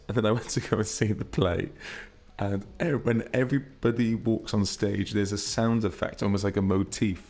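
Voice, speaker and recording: A man's voice: lowish voice, fairly even intonation, moderate pace, darkish tone. A man co-hosting a comedy podcast, chatting casually, telling stories and laughing often. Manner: chatty storyteller, laughs often, acts out quotes. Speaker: podcast co-host.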